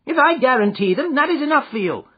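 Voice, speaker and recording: A man doing a fussy, fretful gentleman. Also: lively intonation, fast talker, husky, exaggerated voice. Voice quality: high, fluttering, fretful. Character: fussy nervous middle-aged gentleman, Thaddeus Sholto. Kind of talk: audiobook character voice. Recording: muffled lo-fi audio.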